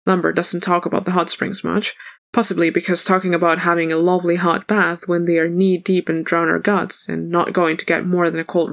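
A woman reading fan fiction aloud in an even, unhurried narrating voice. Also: lowish voice. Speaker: audiobook reader.

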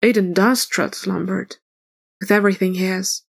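A woman reading fan fiction aloud in an even, unhurried narrating voice. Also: mid-range voice, gravelly. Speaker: audiobook reader.

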